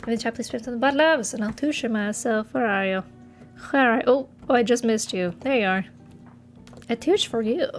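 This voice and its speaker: A woman's voice: fairly high pitch, moderate pace. A young adult woman with a northern US accent, chatting casually on a livestream, giggly and playful as she answers viewers. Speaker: streamer. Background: faint background music.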